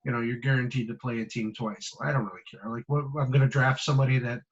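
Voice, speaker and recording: A man co-hosting a casual fantasy football podcast, hesitating and filling pauses with ums and uhs. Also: mid-range voice, fairly even intonation, lo-fi sound. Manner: hesitant, filler-heavy, trailing off. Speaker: podcast co-host.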